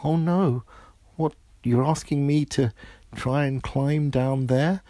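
A man voicing a little princess girl in an improvised bedtime story, swinging between excitement and fear. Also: on the low side, a little fast, gravelly, slightly rough, no room sound. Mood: frightened. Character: little princess girl, emotional, changes colour.

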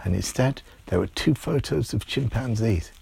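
A man telling an improvised bedtime story in a lively, playful way. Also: mid-range voice, normal speed, gravelly, background noise.

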